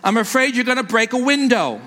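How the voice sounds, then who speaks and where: A man's voice: extremely high pitch, big pitch swings, fairly quick, sharp tone, long reverb tail, pitched above the performer's own voice, heavily acted. A man voicing an exasperated mother who scolds her children sharply. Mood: scolding.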